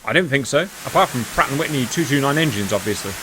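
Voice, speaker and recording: A man hosting and commentating a simulated air battle, talking straight to viewers, joking and cheering loudly as it unfolds. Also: mid-range voice, fast, background noise. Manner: animated, jokey, talks to viewers, cheers loudly. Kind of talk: excited gaming commentary.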